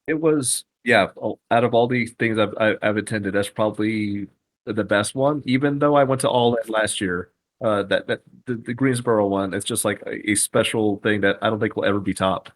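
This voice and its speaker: Excited, swearing male podcast guest. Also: on the low side, moderate pace. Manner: excited, profane recounting. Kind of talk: casual chat.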